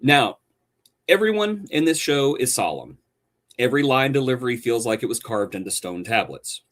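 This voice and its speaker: A male podcast co-host reviews a show in an animated, sarcastic way. His pitch moves widely, and his delivery turns theatrical for effect. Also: moderate pace.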